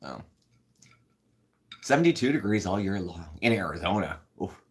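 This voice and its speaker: A man with a low voice hosts a relaxed live-stream chat. He rambles from one thought to the next and answers viewer comments as they arrive. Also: moderate pace. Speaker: host.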